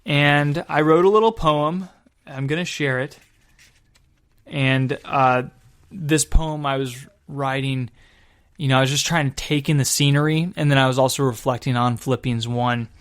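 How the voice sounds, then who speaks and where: A man's voice: medium pitch, normal speed, a bit bright, clean tone, dry recording. A man hosting his own podcast, telling a travel story in an enthusiastic, casual way. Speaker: podcast host and Catholic evangelist.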